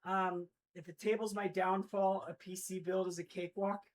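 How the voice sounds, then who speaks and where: A woman's voice: mid-range voice, level tone, normal speed. A young adult woman streaming live, chatting casually and rambling with lots of fillers as she talks to her chat while setting up her gear at home.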